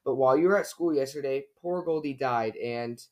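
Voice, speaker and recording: A man voicing a gentle, fretting mother bear from a storybook, speaking softly. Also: mid-range voice, a little fast, natural voice. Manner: soft and worried.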